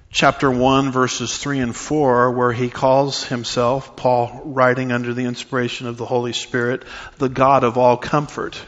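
A male pastor delivers a teaching sermon in a church sanctuary, his mid-pitched voice carrying a long reverb tail. He explains scripture step by step with a steady, unhurried delivery, pausing on uh fillers. The recording is slightly dull and muffled. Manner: measured teaching with frequent uh fillers. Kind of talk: expository sermon.

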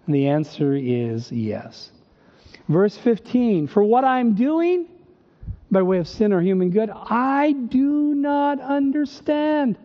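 A man preaching a sermon, emphatic and full of rhetorical questions, slowing down to stress quoted verses. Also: sits high, sing-song. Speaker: pastor. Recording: dull sound with long reverb.

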